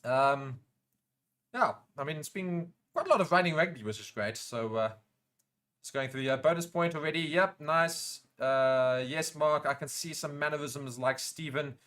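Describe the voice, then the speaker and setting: A South African man hosting a live rugby watchalong, chatting casually with viewers and breaking into excited play-by-play during big moments. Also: a little high, moderate pace. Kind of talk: casual live commentary while reading chat comments.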